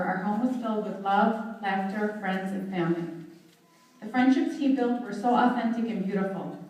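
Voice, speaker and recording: Young adult woman, earnest eulogy, high and warm-toned, heard from a distance in a very echoey hall. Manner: earnest, heartfelt, measured. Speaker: daughter giving a eulogy. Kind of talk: read memorial eulogy. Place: memorial service hall.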